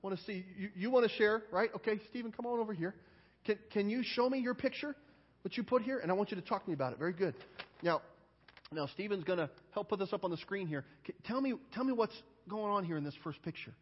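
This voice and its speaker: A man's voice: high voice, animated, fast. A man giving a children's sermon as pastor, coaxing the children with many questions and often repeating words as he starts a sentence. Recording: long hall reverb, dull lo-fi sound.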